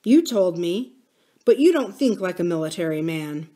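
Brief: woman reading a musing, gentle older farmer in an audiobook-style reading. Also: sits high, very animated, normal speed.

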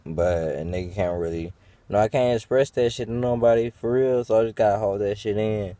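A man's voice: on the low side, a little fast, warm tone, no room sound. A man venting in a rambling, profane monologue to his viewers, full of fillers and restarts. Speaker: vlogger.

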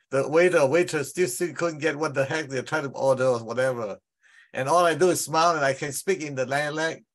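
Earnest man with roots. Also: medium pitch. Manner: earnest, explains with examples. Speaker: study group participant. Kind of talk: casual group discussion.

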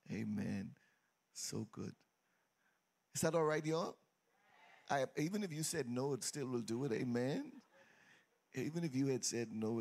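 A pastor with a medium-pitched, gravelly voice preaches a lively sermon in a church sanctuary. He calls out to his congregation in a teasing, exuberant sing-song, prompting call-and-response, with a faint crowd of churchgoers behind him.

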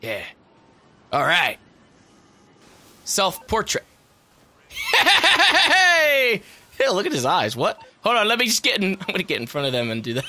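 A young man talks over his gameplay in a high, very bright voice. He is loud and excitable, swears freely and laughs often as he comments. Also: measured pace, pauses often. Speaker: gaming video host. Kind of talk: let's play commentary.

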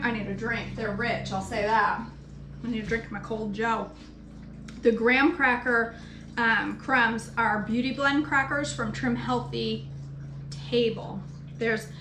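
Woman with a Maine accent, homey cooking host, chatty and informal; roomy kitchen with light background noise. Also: fairly high pitch. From Maine, United States. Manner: chatty and homey, addresses viewers by name. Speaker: cooking show host and health coach. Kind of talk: casual live cooking chat. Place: home kitchen.

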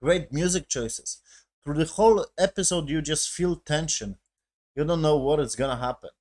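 Swearing excitable male reviewer. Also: a little high, normal speed. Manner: excitable, heavy swearing, frequent tag questions. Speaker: video reviewer. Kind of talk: casual spoken review.

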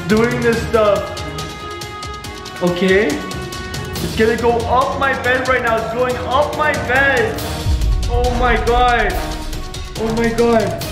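A young man narrating his vlog in an excitable way, gasping often. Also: very high-pitched, echoey room. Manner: excitable, keeps gasping "oh my God". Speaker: vlogger.

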